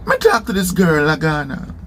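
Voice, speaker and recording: A man from Jamaica with a Jamaican accent, telling a travel story in a casual, animated way, dropping rhetorical tags in patois. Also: fairly high pitch, normal speed, a little hiss or hum.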